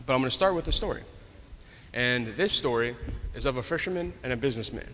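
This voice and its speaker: A man's voice: mid-range voice, lively intonation, quick pace, a bit bright, slight background noise. A man teaching an adult Bible study class in a conversational way, retelling stories with asides. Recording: echoey hall reverb.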